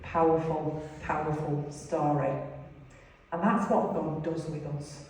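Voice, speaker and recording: A woman's voice: on the low side, mellow. A woman giving an earnest, confessional testimony sermon at a recovery ministry, telling a story. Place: large hall. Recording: echoey hall, distant mic.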